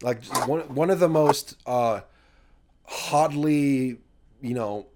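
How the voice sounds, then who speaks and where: A man's voice: mid-range voice, takes it slowly, darkish tone, slight background noise. A man co-hosting a casual chat show, rambling through a story with many restarts.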